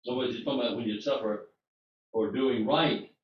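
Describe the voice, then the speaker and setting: A Bible teacher gives an informal, conversational sermon with many restarts and fillers. His mid-range voice is a little fast, picked up by a distant mic in an echoey room, so it sounds muffled with slight hiss or hum.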